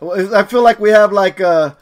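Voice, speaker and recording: Young male game streamer, very high and slow-talking, laid-back with chat, heavy on "dude.". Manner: laid-back, talks to chat, says "dude" and "man" constantly. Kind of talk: casual live game stream commentary.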